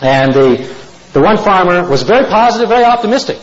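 Preacher, male, high voice, folksy storyteller, dull lo-fi tape. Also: sing-song, fairly quick. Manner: folksy storytelling, asks the congregation questions. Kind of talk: sermon.

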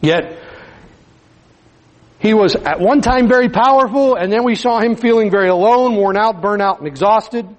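A man preaching a sermon in a conversational, folksy style, dropping softer for emphasis. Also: high-pitched, moderate pace, poor audio.

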